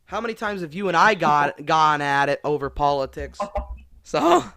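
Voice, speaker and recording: Lively young man telling stories. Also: a little high, normal speed, vocal fry, a loud crowd. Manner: animated storyteller, acts out quotes loudly. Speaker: podcast co-host. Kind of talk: casual chat.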